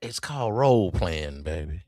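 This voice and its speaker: A man's voice: low-pitched, sing-song, normal speed, dark tone. A man hosting a podcast, teasing and roasting his co-host with bursts of mock outrage. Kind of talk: comedic casual chat.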